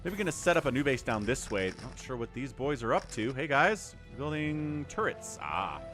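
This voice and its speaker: A man calling a strategy game live on stream, his voice bright and lively, swinging up and down as the action shifts. He chats with viewers between plays, and faint music sits underneath. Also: mid-range voice, moderate pace. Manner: animated, chatty, thanks viewers mid-play. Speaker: stream host and game commentator.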